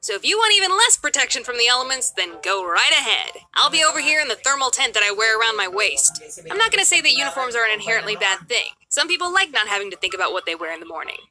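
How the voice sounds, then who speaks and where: Young woman, scripted storytime narration, high bright voice, sarcastic and jokey.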